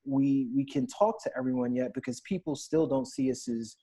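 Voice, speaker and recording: A man's voice: mid-range voice, steady tone, normal speed, mellow. A man in his thirties on a podcast panel, earnestly recounting personal stories in a candid discussion.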